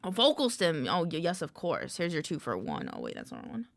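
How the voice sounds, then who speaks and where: Gravelly, lively-voiced woman streamer. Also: low voice, brisk, dry recording. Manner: rambling, mutters lists to herself, greets chat. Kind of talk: casual live-stream chat.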